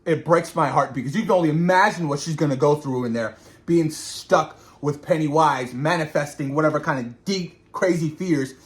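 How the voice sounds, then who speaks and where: A man recapping a horror episode in an animated, slangy way, often repeating words for emphasis. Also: on the high side, normal speed. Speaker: show reviewer. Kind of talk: reaction recap.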